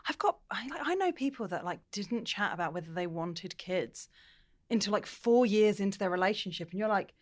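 A woman's voice: medium pitch, lively intonation, fairly quick. A woman in her thirties co-hosting a podcast in an old pub, chatty and playful with frequent restarts. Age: 30s. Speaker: podcast co-host, comedian. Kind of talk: casual podcast chat.

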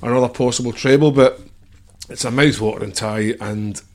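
A man's voice: medium pitch, normal speed, darkish tone. A Scottish man co-hosting a casual football chat, easygoing and pundit-like, with some hesitations. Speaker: podcast co-host.

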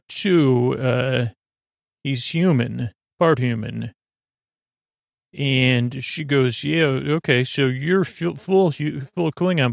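A man hosting a podcast, giving a sleepy bedtime recap of a TV episode in a rambling, halting way with lots of fillers. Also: mid-range voice, gravelly, no room sound, studio quality. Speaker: podcast host.

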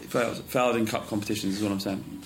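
A man's voice: lowish voice, fairly even intonation, fast talker, a little hiss or hum. A man giving firm opinions on football in a casual podcast chat. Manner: opinionated, argues his point firmly. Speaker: podcast co-host.

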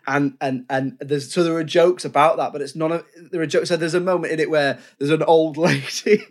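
A man's voice: a little high, fairly even intonation, a little fast. A man co-hosting a podcast, talking casually and recounting film scenes with many restarts. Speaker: podcast co-host. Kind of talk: casual film review chat.

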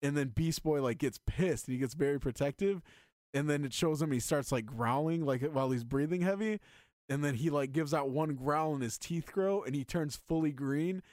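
A man chatting casually as a podcast host, excitedly rambling with lots of filler words. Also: a little high, normal speed, no room sound, studio quality. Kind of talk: casual chat.

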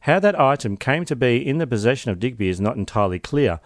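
Quick and lively in intonation, this man's medium-pitched voice is captured in a dry, studio-quality recording. Hosting a podcast, he narrates a true crime case, adding wry, sardonic asides.

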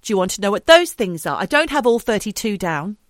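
Deadpan woman reading out facts. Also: medium pitch, fast, dry recording, clean studio sound. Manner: wry, deadpan, swears casually. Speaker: podcast co-host. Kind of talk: casual chat, reading out facts.

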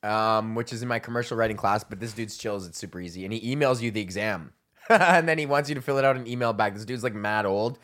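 A comedian rants alone on his podcast, swearing, rambling, and laughing at his own jokes in a solo monologue. His voice is on the low side and a bit bright, and he talks quickly.

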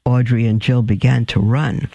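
A man reading a children's story aloud at an unhurried pace, stopping now and then to explain an aside. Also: mid-range voice, flat delivery, creaky, warm tone, dry recording. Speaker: reader.

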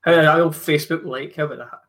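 A Scottish man with a bright, sharp-edged and slightly high voice co-hosts a casual live podcast. He rambles, repeats words as he talks, and drops the odd swear word into his jokey stories. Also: steady tone, quick pace. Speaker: podcast co-host.

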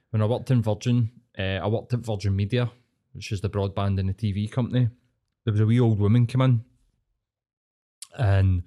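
A man's voice: on the low side, mellow. A Scottish man co-hosting a podcast, rambling through stories with lots of swearing. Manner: rambling, swears a lot, laughs often. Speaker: podcast co-host. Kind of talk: crude casual banter.

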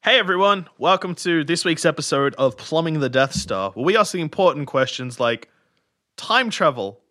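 High-pitched man fumbling an intro. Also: animated, moderate pace, fairly bright tone, dry recording, clean studio sound. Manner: keeps fumbling the intro, laughing and swearing. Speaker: podcast host reading the intro. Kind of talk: casual chat, repeated intro takes.

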